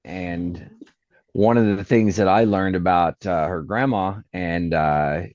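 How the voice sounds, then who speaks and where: A middle-aged man co-hosts a podcast in casual chat, laughing a lot and filling his speech with plenty of "uh." His low, slightly mellow voice moves slowly, and the sound is dull, lo-fi and dry.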